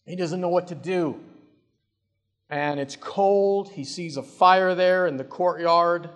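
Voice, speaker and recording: A male preacher with a fairly high voice tells the story dramatically, swinging between hushed and loud. He speaks slowly and deliberately, and his voice carries through a hall with a long reverb. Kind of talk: sermon.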